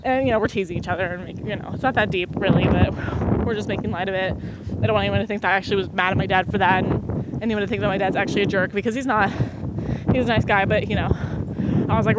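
Young woman telling a sarcastic story. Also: quick pace. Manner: animated, sarcastic, laughs often. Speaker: podcast host. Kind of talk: casual storytelling monologue. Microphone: low-quality mic. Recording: noisy low-quality home recording.

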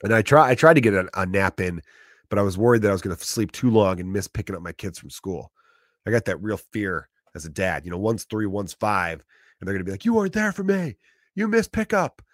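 A man in his thirties rambles and rants through a comedic monologue, swearing freely. His voice sits low. The sound is dry and close, with no room around it. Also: brisk, no room sound. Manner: profane, rambling, ranting.

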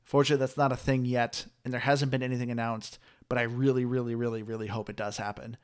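A man's voice: medium pitch, level tone, fast talker, clean tone. A man hosting a casual gaming podcast, chatty and upbeat, laughing easily. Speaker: podcast host. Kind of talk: casual chat.

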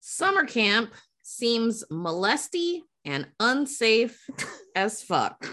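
Woman co-host, lively rising and falling voice, blunt and emphatic. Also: on the high side, very slow. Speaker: podcast co-host. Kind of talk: casual movie review chat.

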